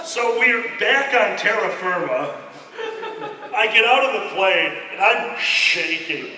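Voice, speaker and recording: A man's voice: high-pitched, slow pace. A man casually telling a comic story with lots of swearing and acted-out quotes, laughing as he goes. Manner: animated, acts out quotes, swears, laughs often. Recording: echoey hall, voice from far off.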